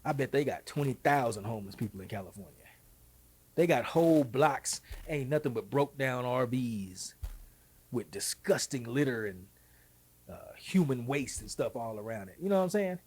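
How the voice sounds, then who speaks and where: A middle-aged Texan man hosting a show, talking in an animated, folksy monologue with quick asides and a husky voice. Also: mid-range voice. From Texas. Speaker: show host. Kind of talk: casual monologue.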